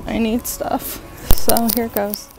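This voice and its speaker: A woman's voice: a little high, flat delivery, takes it slowly, vocal fry, over music, poor audio. A young woman, a nurse, chatting casually in a vlog at home and laughing often. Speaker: travel nurse vlogger. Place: home living room.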